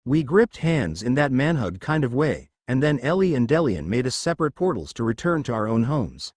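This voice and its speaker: Man narrating fan fiction, lively pitch. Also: moderate pace, no room sound, studio quality. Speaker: story reader.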